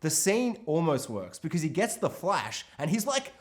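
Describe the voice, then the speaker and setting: A man co-hosting a film podcast, talking casually in an animated way and swearing a lot. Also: fairly high pitch, moderate pace. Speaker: podcast co-host.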